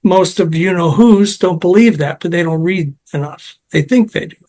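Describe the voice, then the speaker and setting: Man, health science guest, high voice, chatty and technical, runs off on tangents. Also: moderate pace, a little mellow. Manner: digressive, technical, storytelling. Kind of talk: conversational interview.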